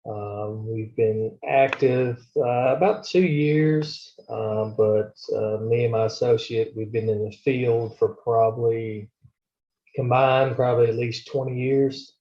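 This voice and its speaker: A man answering interview questions in a halting way, with many pauses and fillers, over a video call. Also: mid-range voice, fairly even intonation. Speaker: podcast guest, anger management educator. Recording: muffled video call audio.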